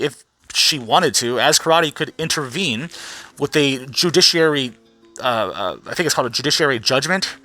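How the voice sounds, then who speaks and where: Bright-voiced man ranting profanely. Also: medium pitch. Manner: profane, rambling, restarts often. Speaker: vlogger. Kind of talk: ranting commentary vlog.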